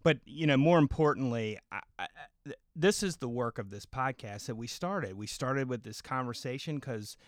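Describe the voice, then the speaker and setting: A man's voice: mid-range voice, expressive, normal speed, dry recording, clean studio sound. Easygoing man podcast co-host. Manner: easygoing, agreeable, hesitant restarts. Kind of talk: casual chat.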